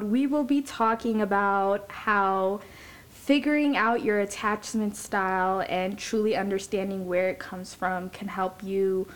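A young woman hosting a podcast, chatting casually in a low-key, somewhat monotone way and laughing easily. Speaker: podcast host.

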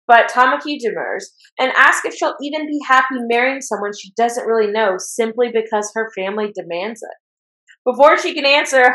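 An excitable woman hosts a casual show, recapping an anime episode the way a fan would and getting worked up as she goes. Her voice sits a little high. The recording has a noticeable echo from the room. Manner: excitable fan, gets worked up and laughs while retelling. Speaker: podcast host recapping an anime.

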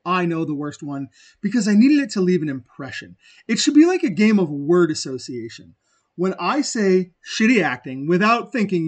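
A man co-hosting a podcast, chatting casually and bluntly about bad movie performances, with enthusiastic, profane outbursts. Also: high-pitched. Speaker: podcast co-host. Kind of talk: casual movie-review chat.

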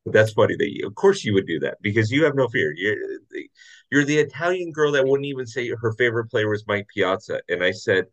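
A man's voice: medium pitch, lively intonation, fairly quick, rough recording. A man hosting a casual podcast, friendly and joking, often laughing as he talks. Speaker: podcast host.

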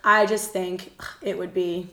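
A woman co-hosting a casual podcast chat, animated and rambling with lots of fillers. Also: fairly low pitch, a little slow. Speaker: podcast co-host.

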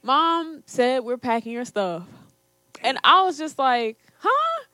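A woman's voice: sits high, expressive, takes it slowly, pushed and bright, no room sound. A young woman casually telling a personal story to camera, quoting her parents and often laughing as she talks. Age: young adult. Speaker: storyteller, co-host.

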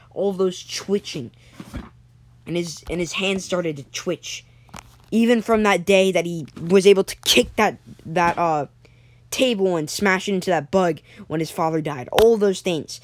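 A young storyteller improvising a story episode, halting, with frequent restarts and self-corrections. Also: medium pitch.

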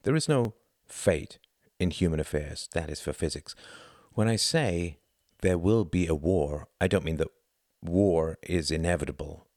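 A man voicing an earnest, intense German mentor who speaks in a measured, gentle way. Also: sits low, no echo, clean studio sound.

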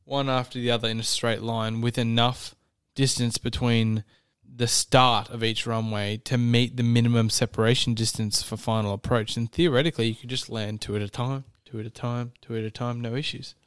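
A man chats on a podcast, curious and full of questions. His voice is smooth and clear, and the recording is dry and close. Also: mid-range voice, little pitch movement, normal speed, few pauses, a bit bright, no echo. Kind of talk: casual podcast chat.

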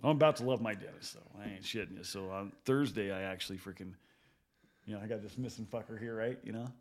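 A man's voice: on the low side, fast talker. A man on a casual podcast, swearing constantly and laughing at his own stories. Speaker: podcast host. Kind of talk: casual profane podcast chat.

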